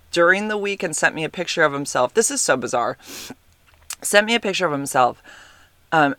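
A man hosts his podcast in loose, rambling chat, his fairly high voice carrying a bright, forceful edge. He is animated and exclaims often, full of fillers. The sound is dry, with little room in it. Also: no echo. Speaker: podcast host. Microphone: podcast microphone, sitting a bit back from it.

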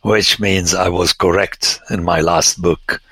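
A man, a priest, giving a lecture on scripture with animated, theatrical emphasis and sudden exclamations. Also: low-pitched, slow pace, gravelly, breathy edge, dry recording.

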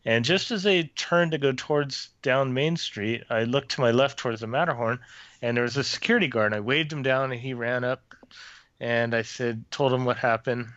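A man's voice: mid-range voice, normal speed, a bit bright, dry recording, muffled recording. A man, a former theme park custodial worker, telling a personal ghost story in a casual interview, with many restarts and fillers.

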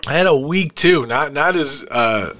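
Bright-voiced animated podcast dad. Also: male voice, fairly high pitch, a little slow. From Greek heritage. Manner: animated storyteller, acts out quotes. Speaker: podcast co-host. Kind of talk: casual chat.

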